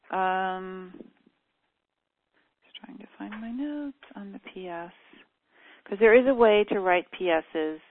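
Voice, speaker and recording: A woman coaching on a group call, frankly critiquing a sales letter with many pauses and fillers. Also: lowish voice, gravelly. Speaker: copywriting coach. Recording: tinny dry phone line.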